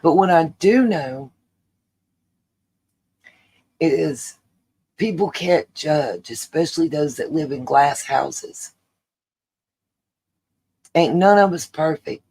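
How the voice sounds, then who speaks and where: Slow, emphatic woman giving her opinion. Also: low voice, expressive, mellow, husky. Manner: emphatic, repeats points, addresses viewers directly. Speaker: channel host. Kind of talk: opinion commentary to camera.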